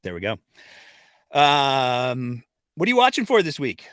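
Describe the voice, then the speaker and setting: Brief: playful male podcast host, very animated pitch, dry close sound. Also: measured pace, clear, resonant tone, no echo. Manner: playful, punchy, wry. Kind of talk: casual political chat.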